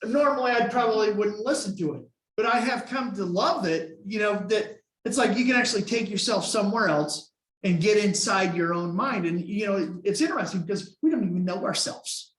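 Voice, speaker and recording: A man's voice: high voice, a little fast, a bit bright, reverberant. A man giving a casual motivational talk to his team, telling stories and acting out his own past thoughts. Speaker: team leader.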